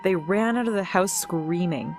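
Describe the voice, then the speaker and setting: A woman narrates a first-person storytime tale with a plain, earnest delivery. Her voice sits slightly low for a woman, even and unhurried. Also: soft background music.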